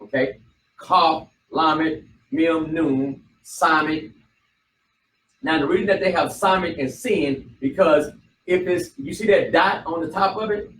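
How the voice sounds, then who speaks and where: A man leads a class, his voice sitting a little high for a man. He talks from some distance away from the microphone, in an echoey room with a faint hum of ambience behind him. He keeps repeating points and checking with the class as he goes. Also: takes it slowly, a bit bright. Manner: repetitive, prompting the class with questions. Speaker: bible study teacher. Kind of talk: classroom teaching. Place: study hall room.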